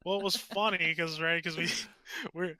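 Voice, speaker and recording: A man co-hosting a casual podcast, telling stories in an animated, rambling way and swearing freely. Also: on the high side, normal speed. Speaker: podcast co-host.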